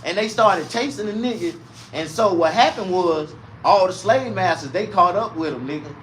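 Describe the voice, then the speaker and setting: A man from the South, telling a comedic story in a casual, profane, animated way. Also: high-pitched, moderate pace, slight background noise. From American South.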